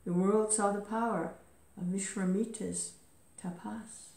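Slow woman reading a story aloud. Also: mid-range voice, steady tone, a little mellow. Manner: casual asides with filler words. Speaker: reader. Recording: roomy echo.

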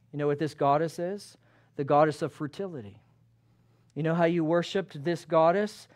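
A male pastor preaching a fervent sermon, building to loud emphasis and acting out the chatter of townspeople. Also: fairly high pitch. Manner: acts out townspeople's chatter in lively voices.

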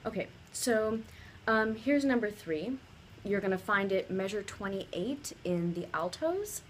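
A woman's voice: medium pitch, animated, measured pace, slight background noise. A woman teaching a choir, patiently demonstrating consonant sounds and leading call-and-response rhythm drills. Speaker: composer teaching her choral piece. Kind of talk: pronunciation and rhythm lesson.

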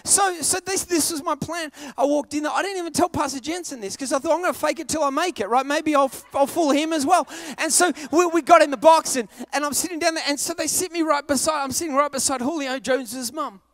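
An Australian man preaching a sermon, telling a self-mocking story with animated delivery and sudden shouted bits. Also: extremely high pitch, a little fast, hardly any pauses, dry recording.

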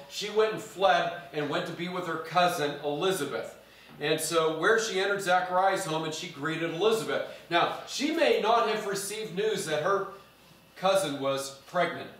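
A male pastor delivers a sermon in a slightly higher-than-usual voice, leaning hard on key words and drawing them out. He is picked up from a distance, so the church around him rings with a heavy, lingering echo. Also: fairly bright tone. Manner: emphatic, drawn-out stresses on key words.

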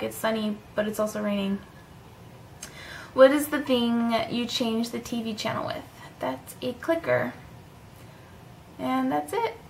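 A woman's voice: fairly high pitch, vocal fry, slight background noise, low-quality recording. A young woman from Nevada with a Pacific Southwest American accent, a university student casually reading a word list and answering questions, chatty and correcting herself as she goes. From Nevada, USA. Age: young adult.

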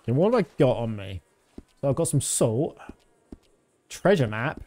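Male streamer, thirties, mid-pitched, easygoing chat full of fillers. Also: moderate pace. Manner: rambling, relaxed, many fillers. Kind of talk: casual gameplay commentary.

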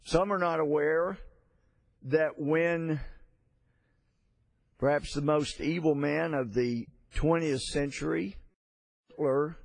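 Slow-talking congressman, dry close mic, rambling anecdote. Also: a little high, steady tone, vocal fry, dry recording. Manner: storytelling, halting with fillers and restarts. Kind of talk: floor speech with anecdote.

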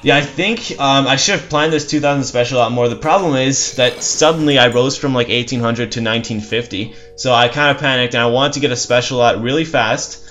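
A man's voice: mid-range voice, a little fast, hardly any pauses, fairly bright tone. A man giving casual live commentary over his own strategy game match, rambling and self-deprecating with dry sarcasm. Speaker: gameplay commentator. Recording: dull lo-fi mic with faint music.

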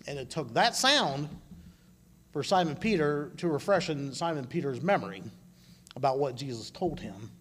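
A man giving an informal sermon at a church service, talking in a halting way with frequent restarts. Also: on the high side, expressive, a bit bright, a little hiss or hum. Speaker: church speaker. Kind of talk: conversational sermon. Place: church service, live broadcast.

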